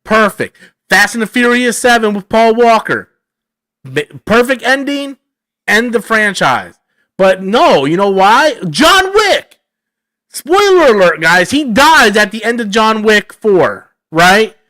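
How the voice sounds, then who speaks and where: A man's voice: sits high, sing-song, unhurried, bright, forceful tone, no room sound. A man hosting a live stream, rambling casually through chat questions, slangy and full of "man" and "bro".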